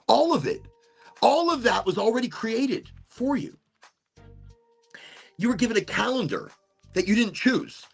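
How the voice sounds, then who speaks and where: A man's voice: extremely high pitch, vocal fry, slightly rough. A man hosting a podcast, musing aloud in a rambling, casual monologue and swearing now and then. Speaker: podcast host.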